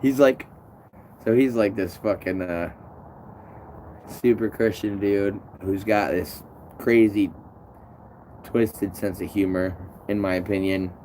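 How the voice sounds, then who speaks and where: Male streamer, casual and profane, stumbles through restarts; low-pitched, faint vehicle hum in background. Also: fairly even intonation, slow pace, long pauses, a little mellow. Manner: rambling, swears a lot, restarts sentences. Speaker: tree climber streaming to viewers. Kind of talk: casual live-stream chat reading comments.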